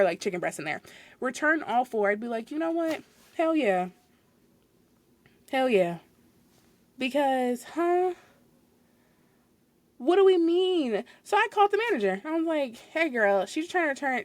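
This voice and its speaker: A young woman hosting a podcast, telling a work story in a casual, exasperated way with frequent laughs. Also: high voice. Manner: animated, exasperated retelling with laughs. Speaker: podcast host.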